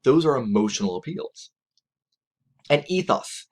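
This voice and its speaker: A man giving a recorded college lecture in a conversational way, often checking in with "right?" and restarting phrases, with lively jumps in pitch when he quotes someone. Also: unhurried. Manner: conversational, frequent "right?" tag questions and restarts; animated pitch jumps when quoting others.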